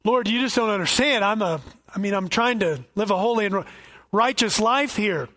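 Preacher doing a stubborn peter, whiny protests, high bright voice. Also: male voice, normal speed. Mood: protesting. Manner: protesting, self-justifying. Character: stubborn apostle Peter talking back.

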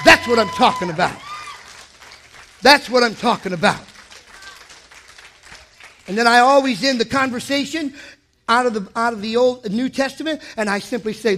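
A man preaching a sermon as pastor, swinging from hushed asides to shouted declarations. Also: high voice, expressive, moderate pace, long pauses, slight background noise. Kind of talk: energetic sermon.

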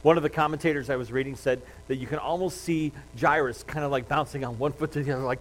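A man preaching a sermon, retelling a Bible story with lively acted-out quotes and frequent restarts. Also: on the high side, fast, hardly any pauses, a little hiss or hum, poor audio. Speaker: pastor.

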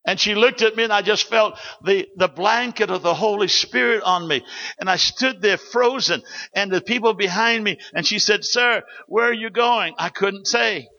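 Male preacher, raised pitch, forceful sermon delivery, muffled lo-fi recording. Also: moderate pace. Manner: storytelling preacher, emphatic exhortations. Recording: dull lo-fi recording.

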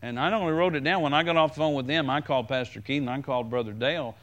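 A man preaching a sermon as pastor, talking conversationally to his congregation, repeating key phrases and slowing down to quote scripture. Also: mid-range voice, fairly bright tone.

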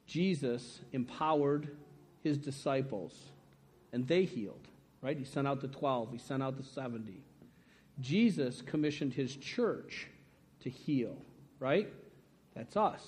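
A man's voice: medium pitch, expressive, slow, pauses often, darkish tone, breathy edge. A man preaching a sermon to his congregation, emphatic and conversational, often checking in with "right?". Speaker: pastor.

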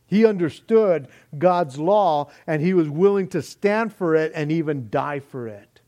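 High-voiced animated male preacher. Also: unhurried, few pauses. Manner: animated, acts out quoted voices, says "man" often. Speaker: pastor. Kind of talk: sermon.

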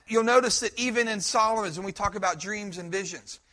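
Male pastor, emphatic sermon delivery, high and tense-edged voice. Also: a little fast, hardly any pauses, pushed and bright. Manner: emphatic preaching, repeats promises with rising force.

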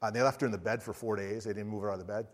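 A man's voice: lowish voice, fairly even intonation, racing. A man, a missionary preacher, telling a personal story in an earnest sermon with frequent restarts. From United States. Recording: long reverb of a large hall.

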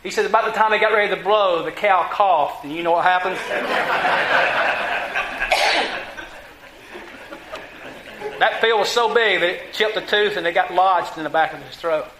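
High, bright-voiced preacher. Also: male voice, fast, few pauses. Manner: folksy, conversational preaching with rhetorical questions. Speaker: pastor. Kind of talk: sermon. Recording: echoey room.

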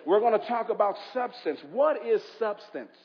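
A man's voice: high voice, lively intonation, moderate pace, in a large hall, lo-fi sound. A man with an East Coast American accent preaching a sermon in a church, urging the congregation to respond aloud. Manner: impassioned preaching with call-and-response. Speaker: pastor.

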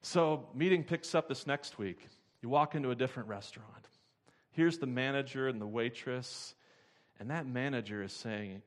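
Animated storytelling male pastor. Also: medium pitch, normal speed. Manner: animated storyteller who acts out characters. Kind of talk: sermon.

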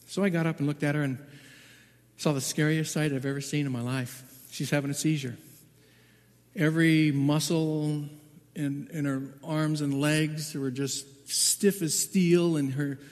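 A man telling a personal testimony as a Bible translator, halting and repeating words, then growing urgent and loud at the tense parts. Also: a little high, fairly even intonation, big-room sound.

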